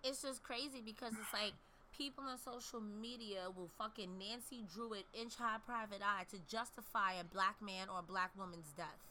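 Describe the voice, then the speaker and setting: A woman's voice: mid-range voice, steady tone, normal speed, sharp tone, a little hiss or hum. A woman speaking bluntly in casual chat, slangy and exasperated.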